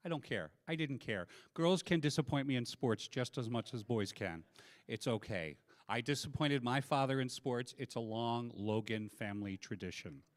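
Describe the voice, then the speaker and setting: On stage with a handheld mic, a middle-aged man works through a self-deprecating comedy set. His voice sits in the mid-range, his pace moderate, and his storytelling is animated.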